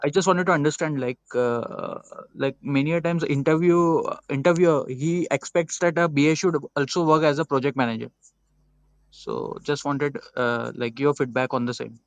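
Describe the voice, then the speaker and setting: A man asks his question in halting bits, full of fillers. His voice is smooth and slightly high, and it sounds very dry and close. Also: steady tone, no echo. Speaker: participant asking a question. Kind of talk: online group session question.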